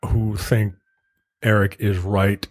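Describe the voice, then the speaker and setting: A man co-hosting a casual podcast chat, animated and emphatic. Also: fairly low pitch, slow pace. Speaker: podcast co-host.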